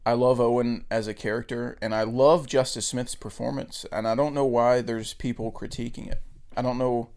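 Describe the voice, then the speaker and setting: A man's voice: mid-range voice, fairly even intonation, moderate pace, a little mellow. Chatty man gushing about a film. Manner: enthusiastic, chatty, frequent "like". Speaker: podcast co-host. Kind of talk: casual film chat.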